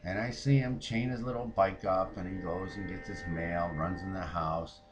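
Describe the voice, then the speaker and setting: A man's voice: sits low, steady tone, moderate pace, over music, lightly acted. A man playing a foul-mouthed, fed-up woman who rants about her neighbors in a comic monologue. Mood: ranting. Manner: profane, ranting, mimics others.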